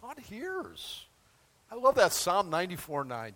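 A man's voice: high voice, unhurried, long reverb tail. A man preaching a sermon in a loose, conversational way, often acting out the voices of the people in his examples. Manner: animated, conversational, acts out quoted voices. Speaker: pastor.

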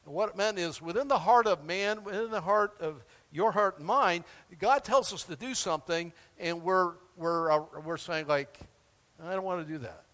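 A man's voice: sits high, normal speed, few pauses, fairly bright tone, big-room sound. An older man preaching a sermon in a folksy, emphatic way, with asides and chuckles. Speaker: pastor.

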